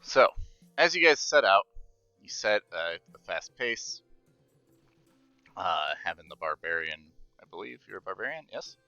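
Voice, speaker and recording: A man's voice: deep voice, big pitch swings, unhurried, creaky, pauses often, pushed and bright, dry recording, highs cut off, soft background music. A man running a tabletop game as dungeon master on a livestream, chatting casually and reading scene narration. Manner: casual, thinking aloud between scripted narration.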